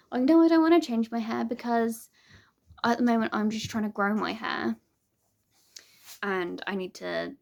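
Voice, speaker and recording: A woman's voice: medium pitch, gravelly. A young woman chatting casually to camera as a vlogger, rambling with lots of ums and little laughs.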